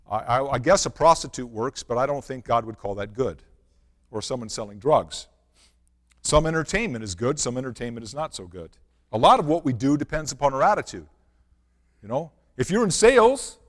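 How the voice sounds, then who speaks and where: Man preaching in a reverberant hall. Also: mid-range voice. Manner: animated storyteller, swinging from loud to hushed. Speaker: pastor. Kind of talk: sermon with personal storytelling. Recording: long reverb of a large hall.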